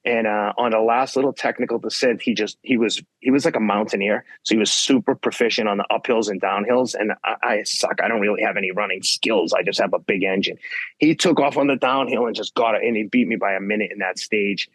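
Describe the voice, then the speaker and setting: A man in his fifties, a guest athlete telling race stories in blunt, profane, animated casual chat. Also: lowish voice, brisk, dry recording. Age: 50s. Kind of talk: casual podcast storytelling.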